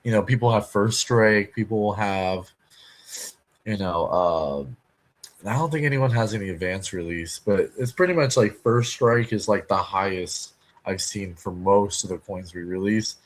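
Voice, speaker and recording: A man's voice: on the low side, a little slow, low-quality recording. A man from the United States co-hosting a coin podcast, talking loosely with lots of "like" and "you know". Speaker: coin dealer podcast co-host. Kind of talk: casual shop talk podcast.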